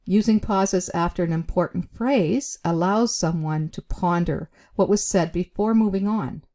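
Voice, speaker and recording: A woman teaching job interview skills to camera in a deliberate, chatty way, with emphasized words, short pauses and frequent fillers. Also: lowish voice, mellow. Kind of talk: instructional talk to camera.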